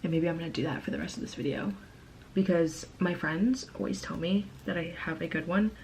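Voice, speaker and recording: A woman's voice: fairly low pitch, fairly even intonation, fairly quick, gravelly, a little mellow, a little hiss or hum. A young American woman chatting through a makeup tutorial on her home camera, rambling and laughing at herself, full of "like". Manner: rambling, giggly, self-mocking, lots of "like". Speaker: beauty vlogger. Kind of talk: casual makeup tutorial chat.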